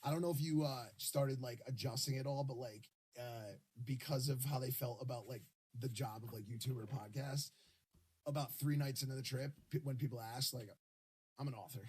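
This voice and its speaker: A man in a casual podcast chat, talking haltingly with lots of fillers and restarts. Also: mid-range voice, steady tone, a little mellow, husky.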